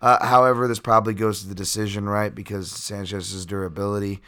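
A man with a somewhat low voice hosts a solo podcast and talks through his picks in a casual, meandering way. He fills gaps with "um" and "uh", restarts his sentences, and drops the occasional curse word. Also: level tone, a little fast, fairly bright tone, clear, resonant tone. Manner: rambling, filler-heavy, occasional profanity. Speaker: podcast host and fight analyst. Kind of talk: casual betting breakdown monologue.

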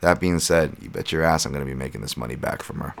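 Man, 30s, podcast host, low gravelly voice, profane, rambling. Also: fast. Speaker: podcast host and fight analyst. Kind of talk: casual solo podcast commentary.

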